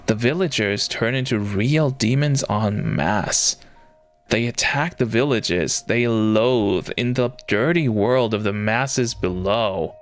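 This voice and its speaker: A man reading a curious teenage boy's narration. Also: fairly low pitch. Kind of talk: reading a visual novel aloud.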